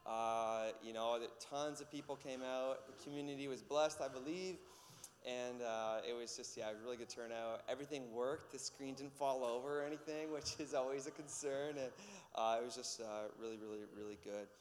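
A man preaching a casual sermon as pastor, an animated storyteller with many fillers and acted-out voices. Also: mid-range voice, normal speed. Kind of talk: casual sermon with personal stories. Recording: long hall reverb.

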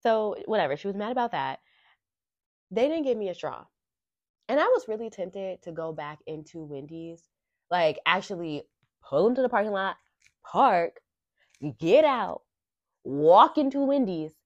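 Animated woman telling a chatty story. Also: medium pitch, moderate pace, long pauses, dry recording. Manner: animated, chatty, rhetorical asides. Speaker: podcast host. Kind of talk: casual storytelling monologue. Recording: dry, slightly muffled lo-fi recording.

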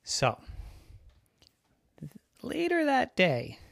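A children's storyteller speaking slowly and gently, the pitch swooping with expression. The voice sits close and dry, with no room sound. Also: huge pitch swings, gravelly, no echo.

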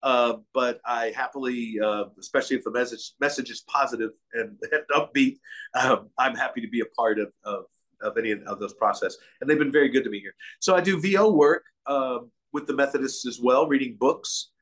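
A man's voice: medium pitch, brisk, fairly bright tone. An older man from Kentucky, a guest actor, chatting in an interview and telling meandering stories. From Kentucky, USA. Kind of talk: casual interview chat.

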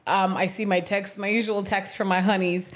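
Animated young Kenyan woman telling a story. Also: medium pitch, normal speed, noisy background. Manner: animated storyteller, swears freely, mixes in Swahili. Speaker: podcast co-host. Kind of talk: casual chat.

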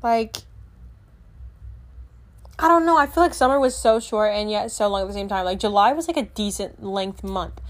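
A woman's voice: mid-range voice, normal speed, long pauses. A teenage girl vlogging in casual chat, rambling and filler-heavy, often trailing off and restarting her sentences. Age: teens. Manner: self-correcting, trails off and restarts.

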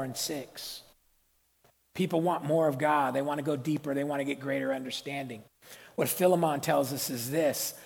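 A middle-aged man preaching a sermon as pastor, lively and conversational, with slang and call-outs to the congregation. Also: fairly high pitch, vocal fry, slightly rough. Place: church hall. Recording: long hall reverb.

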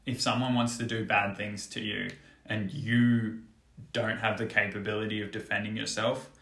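A man talking in casual chat, halting and filled with "like". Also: on the low side, level tone, fairly bright tone, reverberant.

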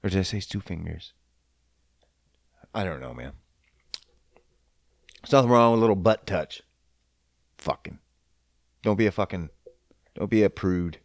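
Rambling foul-mouthed man, lively pitch. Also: measured pace, vocal fry, long pauses, no room sound, clean studio sound. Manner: crude, rambling, profane; laid-back, smoking while talking. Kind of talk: casual monologue.

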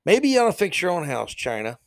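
A man hosting a solo opinion podcast, sarcastic and mocking, swinging from low mutters to loud jabs. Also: huge pitch swings, a little fast, creaky, no echo. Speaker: podcast host.

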